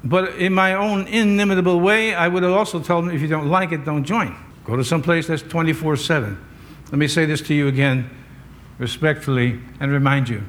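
Older male pastor, slightly high voice, chatty sermon delivery with wry asides. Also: fairly even intonation, a little fast, fairly bright tone. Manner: conversational preaching with wry asides.

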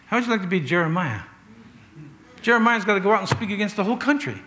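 A man's voice: high-pitched, expressive, fast, pushed and bright. A man preaching a sermon in an earnest, conversational way, telling stories and asking rhetorical questions.

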